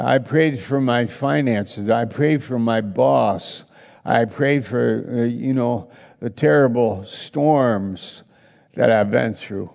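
A man preaching a sermon to a congregation, speaking slowly and haltingly, with frequent restarts. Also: medium pitch, creaky, darkish tone. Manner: slow, halting delivery with many restarts. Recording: long reverb of a hall.

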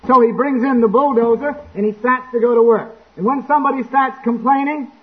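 A man preaching a sermon in church, acting out quotes and breaking into sudden shouts. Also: very high voice, fairly quick. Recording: tinny lo-fi phone-like recording.

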